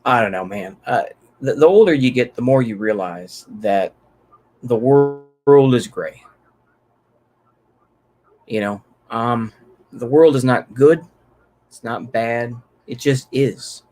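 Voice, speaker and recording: A man's voice: mid-range voice, slow pace, pauses often, a little mellow. A man from Texas giving unscripted solo political commentary, rambling and profane, with many fillers and restarts.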